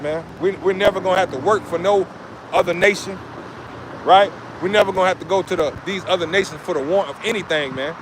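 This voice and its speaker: High-voiced man preaching on the street. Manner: preaching in slang, lots of "man" and "you see". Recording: outdoor street noise.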